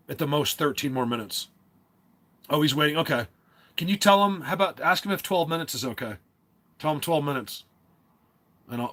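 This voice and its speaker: A man's voice: fairly high pitch, a bit bright. A man from New Jersey hosting a casual livestream, rambling along with lots of fillers and restarts. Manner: rambling, filler-heavy, self-interrupting. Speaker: livestream host.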